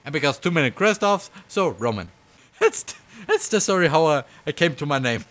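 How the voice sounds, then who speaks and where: A man streaming himself reading a visual novel aloud, breaking off into giggly, excitable asides. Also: a little high, moderate pace. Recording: faint game music behind.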